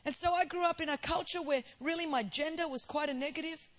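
A woman's voice: high voice, fast talker. Australian woman preaching her testimony. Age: 40s. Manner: storytelling, rising to emphatic proclamation. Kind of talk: sermon testimony.

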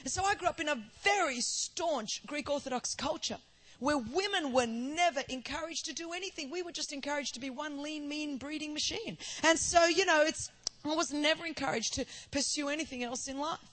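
A woman's voice: high voice, a little fast, fairly bright tone. Australian woman preaching her testimony. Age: 40s. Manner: storytelling, rising to emphatic proclamation. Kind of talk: sermon testimony.

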